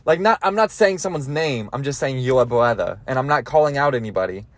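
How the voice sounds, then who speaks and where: A young man talks alone into a close podcast mic, swearing freely and drifting off topic in a self-mocking ramble. His voice sits a bit high for a man, and the recording is dry with no room sound at all. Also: animated, quick pace, dry recording. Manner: crude, self-mocking, jumps between tangents. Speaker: podcast host. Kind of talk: rambling solo podcast monologue.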